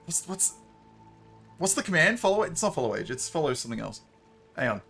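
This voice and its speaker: A man's voice: on the high side, sing-song, fast talker, creaky, pushed and bright, faint music behind. A man chatting casually on a live stream, laughing often and swearing casually, into a desk microphone.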